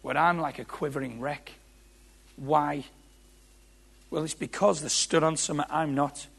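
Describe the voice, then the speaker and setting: A man's voice: fairly high pitch, steady tone, a little slow, gravelly, breathy edge. A man preaching an impassioned sermon, repeating phrases and building to emphatic peaks. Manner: impassioned, repetitive, rising to shouts.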